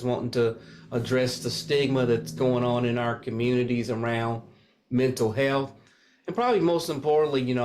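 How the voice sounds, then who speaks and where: An older man from Kentucky, a pastor and candidate, speaking earnestly in an interview with frequent fillers. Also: mid-range voice. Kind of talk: casual interview talk.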